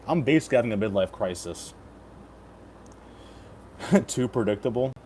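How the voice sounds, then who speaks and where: A man's voice: fairly low pitch, animated, normal speed, mellow, a little hiss or hum. A man in his thirties streaming casually, joking and swearing as he reads chat aloud and talks over fight picks. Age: 30s.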